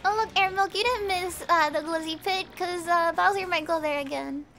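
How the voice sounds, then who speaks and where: A woman with a high voice chats her way through a game stream, loose and casual, cursing and laughing between lines. Soft game music plays faintly behind her. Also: normal speed. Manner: chatty, swears and laughs often. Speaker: VTuber streamer. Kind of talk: casual gameplay commentary.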